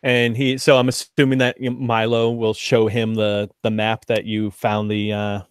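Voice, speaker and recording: A man's voice: fairly low pitch, completely flat delivery, normal speed, clean tone, no room sound, studio quality. A man as game master, narrating casually in a rambling, self-mocking way.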